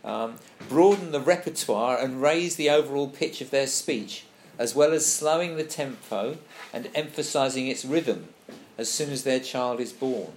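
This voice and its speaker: A thoughtful man leads a relaxed group discussion. He thinks aloud and stops now and then to read a passage out. His voice rings around an echoey room with a faint hiss underneath. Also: mid-range voice, moderate pace, hardly any pauses.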